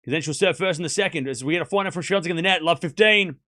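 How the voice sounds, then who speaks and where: A man streaming live tennis commentary, calling the points with excitement and chatting and teasing his viewers in between. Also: on the high side, racing, no echo. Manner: excited call-outs of play, then chatty asides to chat; teasing, mock-comforting viewers.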